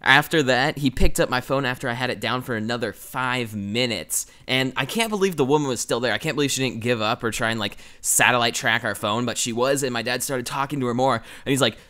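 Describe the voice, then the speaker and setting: Young male gaming host, bright voice, casual animated storytelling with acted-out voices. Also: fairly quick, few pauses. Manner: animated, acts out quoted voices with big pitch jumps.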